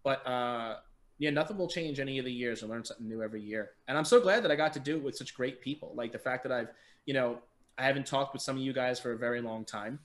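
A young adult man, a podcast guest, telling stories in casual chat over a remote call, animated and swearing freely. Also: medium pitch, fast talker. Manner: animated, swears freely, acts out quoted people. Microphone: remote call mic.

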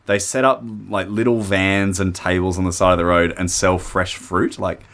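A man's voice: deep voice, flat delivery, normal speed, fairly bright tone. A man co-hosting a podcast, telling rambling, laughing anecdotes in casual chat. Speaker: podcast co-host.

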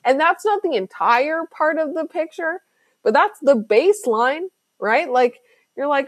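A chatty woman hosting her own podcast, talking business coaching in a loose, slangy way with lots of "like." Her voice sits a little high, and the sound is close and dry with no room around it. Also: expressive, unhurried, dry recording. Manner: chatty, fillers like "like", slangy and emphatic. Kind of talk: casual solo podcast talk.

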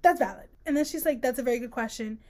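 A woman co-hosting a podcast, chatting casually about a book, slangy and animated, acting out the characters' lines as she retells scenes. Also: on the high side, fast talker, slight background noise. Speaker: podcast co-host. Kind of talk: casual book-discussion chat.

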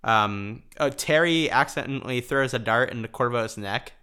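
A man co-hosting a podcast in casual chat, laughing often and filling pauses with ums. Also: mid-range voice, pushed and bright, clear, resonant tone. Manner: chatty, laughs often, many fillers. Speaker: podcast co-host.

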